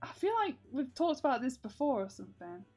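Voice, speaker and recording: A young woman chats casually to her viewers in a rambling, giggly way, peppering her talk with fillers. Her voice sits a bit high, with faint music playing behind her. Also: sing-song, brisk, mellow. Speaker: vlogger.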